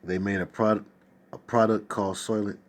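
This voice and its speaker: Brisk and flat, a lowish male voice hosts a casual stream from a desk at home. He reads viewer comments out loud, tossing in exclamations and chatty asides.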